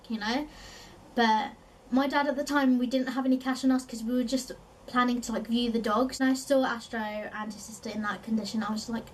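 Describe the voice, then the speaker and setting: A woman's voice: on the high side, fairly even intonation, normal speed, recorded from a distance, slight background noise, poor audio. A young woman from London with a South East London accent, chatting casually as a vlogger, filling her talk with "like" and laughing often. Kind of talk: casual chat.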